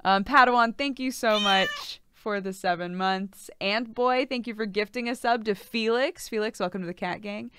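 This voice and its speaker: A woman's voice: medium pitch, normal speed, hardly any pauses, background noise. A young adult woman streamer chatting casually on a live stream, talking freely and breaking into laughter often, with plenty of fillers.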